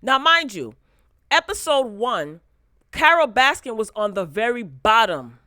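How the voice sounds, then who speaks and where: Sassy woman host, chatty and expressive. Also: a little high, unhurried, no echo, clean studio sound. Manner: animated, sassy, talks to viewers directly. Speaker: host of a pop culture talk show. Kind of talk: casual commentary vlog. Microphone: close desk mic.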